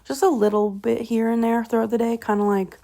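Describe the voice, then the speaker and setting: A woman's voice: fairly high pitch, flat delivery, a little fast, gravelly, warm tone. A young woman retelling a book in a casual, rambling way, swearing freely and often correcting herself. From Canada. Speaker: vlogger.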